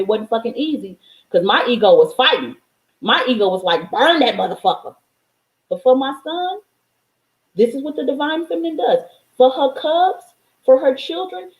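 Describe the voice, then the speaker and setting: A woman's voice: a little high, a little mellow, reverberant, poor audio. A woman in her thirties giving a blunt, profane motivational talk, preaching with emphasis. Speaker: motivational speaker.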